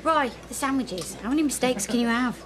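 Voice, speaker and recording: A sarcastic kitchen worker, played by an actress, with a cheeky, teasing manner. Her voice is high and bounces widely in pitch. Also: expressive, brisk, crowd noise, lightly acted. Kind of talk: television soap acting.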